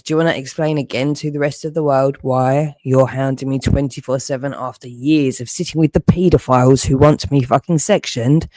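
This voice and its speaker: A woman's voice: sits low, a little mellow, no echo. Angry woman livestreamer, profane repetitive rant, close dry sound.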